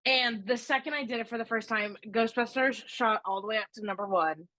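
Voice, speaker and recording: A woman co-hosting a podcast, gushing and excitable as she tells stories in casual chat. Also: fairly high pitch, brisk, heavy background noise. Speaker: podcast co-host.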